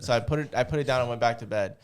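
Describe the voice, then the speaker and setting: Smooth-voiced young man telling a story. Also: medium pitch, racing. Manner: animated storyteller, swears a lot, acts out quoted lines. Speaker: podcast host. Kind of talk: casual chat, storytelling.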